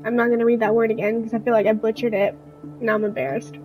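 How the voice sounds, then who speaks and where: A woman's voice: on the high side, little pitch movement, quick pace, a little mellow, soft background music, low-quality recording. A young adult woman streamer giving chatty, self-deprecating let's-play commentary. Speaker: gaming streamer.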